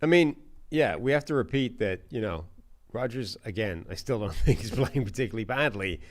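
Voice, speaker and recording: A man's voice: lowish voice, lively intonation, brisk. A man co-hosting a sports podcast, arguing his points in a dry, dismissive way. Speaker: podcast co-host. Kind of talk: casual sports chat.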